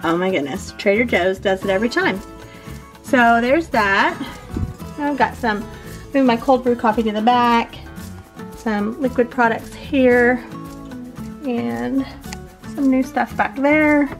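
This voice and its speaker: Casting: fairly high-voiced woman vlogger, chatty and rambling, a little breathless, soft music beneath. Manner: chatty, rambling, quick and upbeat. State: a bit out of breath. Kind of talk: casual grocery haul chat.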